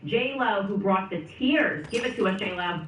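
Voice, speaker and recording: A woman's voice: medium pitch, animated, moderate pace, fairly bright tone, roomy sound, distant mic, slight background noise, low-quality recording. A woman giving sarcastic political commentary between played clips. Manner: sarcastic, mocking.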